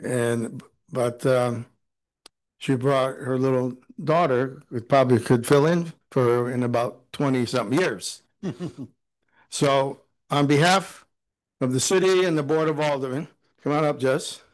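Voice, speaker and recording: A man's voice: mid-range voice, a little slow, rough recording. A man giving informal ceremonial remarks at a town council meeting, folksy and joking, with hesitant "uh"s. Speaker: city official presenting an award.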